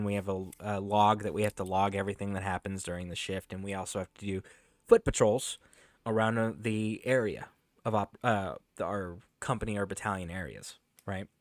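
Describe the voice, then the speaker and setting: A man's voice: on the low side, no room sound. A man streaming a video game, chatting casually, laughing often and swearing freely as he tells stories. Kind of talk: casual live-stream chat with storytelling.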